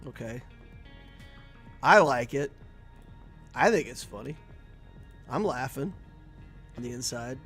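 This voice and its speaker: A man's voice: medium pitch, animated, slow pace, long pauses, fairly bright tone, husky, soft background music. A man streaming a video game, chatting casually and telling jokes with a laugh. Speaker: gaming streamer. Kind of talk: casual live-stream commentary with joke telling.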